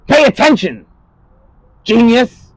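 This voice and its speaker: A man talking in a rambling spoken-word monologue, jumping between topics and swearing, his voice rising and falling in loudness. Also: very high-pitched, sing-song, slow, poor audio.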